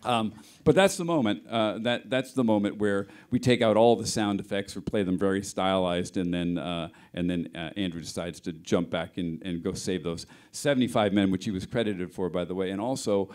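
A man's voice: low-pitched, normal speed, few pauses, darkish tone. A middle-aged man, a film sound mixer, explaining his work at a panel interview, hesitant with many restarts.

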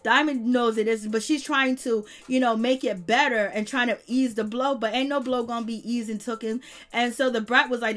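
A woman's voice: a little high, steady tone, moderate pace, fairly bright tone. A woman giving a casual recap of a reality show episode, blunt and slangy, swearing freely.

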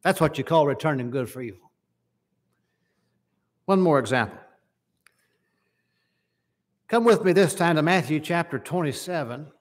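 A man's voice: fairly high pitch, expressive, unhurried, long pauses. A man preaching a sermon in a church service, reading scripture passages aloud and asking the congregation questions. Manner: reads scripture aloud in King James wording, asks the hearers questions.

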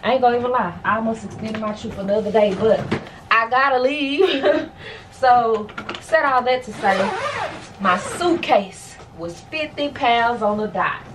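A woman's voice: on the high side, normal speed, noisy background. Chatty woman vlogger, slangy and breathless. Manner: chatty, exclaims, talks straight to viewers with slang. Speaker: lifestyle vlogger. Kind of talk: casual chat to camera. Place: at home, bedroom.

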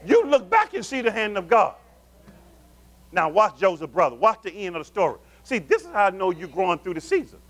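Man, pastor, sermon, high voice, call-and-response, loud then hushed. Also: wildly swooping pitch, fairly quick. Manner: call-and-response preaching, asking the congregation questions; swings between loud emphatic calls and low murmurs.

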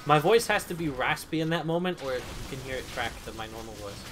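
A man's voice: medium pitch, lively intonation, quick pace. A man chatting casually while playing a co-op game, joking, swearing and laughing a lot. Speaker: gamer on a co-op session. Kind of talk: casual gaming chat. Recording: noisy background.

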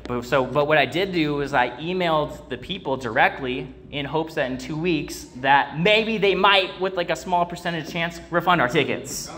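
A young man gives a church sermon and tells a personal story in a loose, rambling way, full of fillers and restarts. His voice sits a bit high for a man and has a bright, forceful edge. He calls out to the congregation now and then. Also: normal speed, hardly any pauses, a little hiss or hum. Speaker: preacher.

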